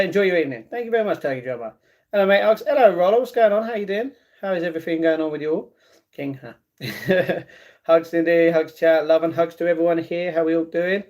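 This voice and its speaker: A man's voice: on the high side, darkish tone. A man in his twenties casually chatting on a live stream, reading viewers' comments aloud and restarting his sentences often. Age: 20s. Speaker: livestreaming vlogger.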